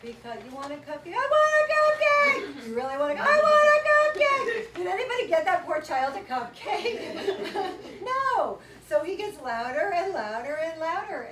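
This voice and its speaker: A woman giving a motivational workshop talk to a live audience, telling stories in a lively, chatty way with frequent laughter. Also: high voice. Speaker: workshop presenter. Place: event room with a seated audience. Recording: echoey room, voice from far off, background noise.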